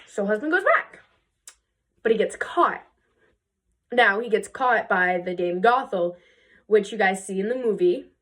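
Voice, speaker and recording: A young woman casually retelling a fairy tale for her video, chatty and full of fillers, jumping into quick voices for the characters. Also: medium pitch, expressive, a bit bright. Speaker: video creator.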